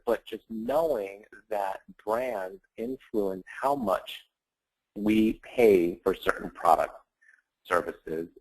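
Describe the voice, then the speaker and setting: A man's voice: fairly low pitch, rough recording. A man giving a conversational branding lecture with slides, often checking in with his audience with tag questions. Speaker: branding instructor.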